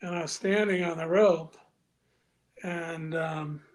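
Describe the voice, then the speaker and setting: A man guest on a podcast, telling a story casually and acting out other people's lines in a louder voice, with some profanity. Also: a little high, takes it slowly. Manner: animated, acts out quoted dialogue with raised voice; crude, profane.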